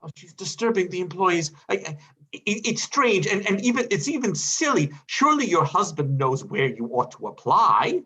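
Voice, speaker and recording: A man's voice: sits high, sing-song, normal speed, pushed and bright, husky, heavily acted, low-quality recording. A man voicing a flustered, pompous bank chairman in a stage play reading, stammering over his words.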